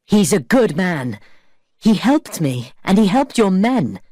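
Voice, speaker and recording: A man's voice: high voice, measured pace, dry recording, clean studio sound, voice pushed up. A man voicing a spirited young lady. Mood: pleading. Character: young woman, a governor's spirited daughter.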